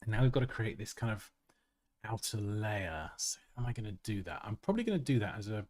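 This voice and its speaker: A man's voice: lowish voice, animated, fast, a little mellow. A man hosting a casual design tutorial livestream, chatty and self-mocking, who laughs often and reads chat comments aloud.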